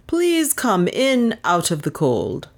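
A woman voicing a jovial, booming middle-aged male vicar in a storybook reading. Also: wildly swooping pitch, slow pace, heavily acted. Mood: hearty. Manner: hearty, beaming.

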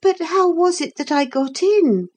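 A woman's voice: extremely high pitch, lively intonation, a little slow, darkish tone, voice pushed up. A woman voicing a bewildered young boy who asks upset, pleading questions. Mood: anxious.

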